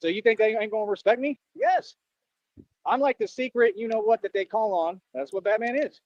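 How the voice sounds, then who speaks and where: Boastful fast-talking man, high voice. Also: animated, dull audio. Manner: boastful, repetitive, earnest. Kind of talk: rambling street monologue.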